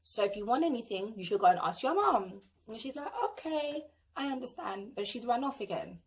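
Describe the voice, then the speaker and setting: A woman's voice: medium pitch, expressive, fairly quick. A young British woman with a sassy, indignant manner, telling a storytime vlog. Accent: British English. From England. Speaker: vlogger.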